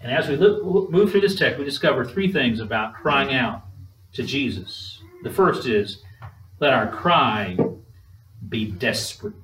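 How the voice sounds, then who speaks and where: A man preaching a sermon in a measured, emphatic way, drawing spoken responses from the congregation. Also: mid-range voice, lively intonation, fairly bright tone, a little hiss or hum. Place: church sanctuary. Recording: echoey room, distant mic.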